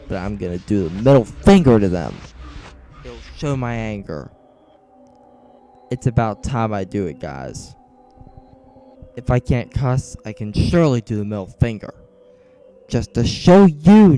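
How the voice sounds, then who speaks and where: A man's voice: medium pitch, dark tone, poor audio. A man ranting indignantly to his own webcam at home, scornful and calling things stupid again and again. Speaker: channel host. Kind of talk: webcam rant. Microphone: small webcam.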